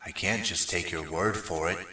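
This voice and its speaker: Male reader as a blunt, unimpressed Christmas ghost, deep and low, matter-of-fact. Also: moderate pace, sharp tone, echoey room. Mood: stern.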